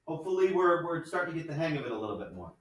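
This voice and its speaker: A man's voice: fairly high pitch, big pitch swings, rapid-fire. A man teaching a math class, working problems aloud in a chatty, joking way. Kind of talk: classroom lecture. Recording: echoey classroom from far off.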